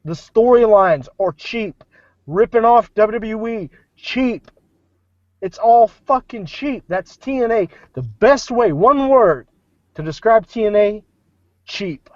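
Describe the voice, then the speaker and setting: Brief: high-voiced male co-host, angry profane rant, dry lo-fi sound. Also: expressive, slow, no room sound. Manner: angry, profane, mocking others' words. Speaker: show co-host. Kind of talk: heated casual chat.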